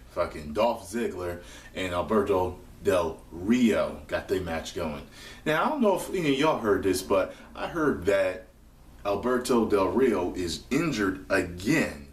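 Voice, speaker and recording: Excitable, profane man in an echoey room. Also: fairly low pitch, recorded from a distance. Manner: profane, excitable, loud outbursts. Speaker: wrestling show reviewer. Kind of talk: live reaction commentary.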